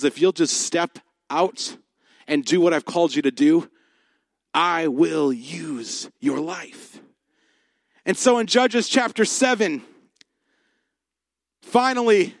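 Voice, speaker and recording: Pastor guy preaching, high-pitched voice, super dry close sound, acts out the voices as he goes. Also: no room sound. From Michigan. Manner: animated storytelling, acts out quoted voices. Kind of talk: sermon.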